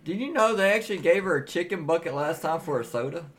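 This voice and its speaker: A man playing the straight partner in an improvised comedy sketch. His speaking voice is lively and moves around a lot in pitch. He keeps poking fun at his partner and breaks into laughter often. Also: fast talker.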